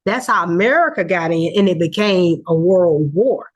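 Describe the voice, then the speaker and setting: An older woman, teaching in a casual, earnest way that rambles, pauses and corrects itself. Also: lowish voice, lively intonation.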